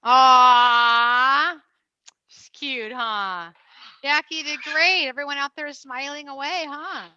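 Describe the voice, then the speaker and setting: A woman's voice: high voice, slow, bright, forceful tone, dry recording, dull audio. A woman presenting a live family show with trained parrots, coaxing and cheering the birds along.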